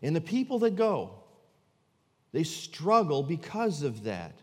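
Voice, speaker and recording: A man preaching a sermon as pastor, swinging from loud, emphatic lines to low, hushed ones. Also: big pitch swings, slow pace, slightly rough, big-room sound.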